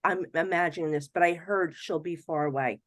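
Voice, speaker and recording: Woman guest on a podcast, chatty, animated storyteller, dry close mic. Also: deep voice, brisk, no room sound. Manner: animated, swings between hushed and excited; chatty with frequent "you know". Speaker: psychic medium guest.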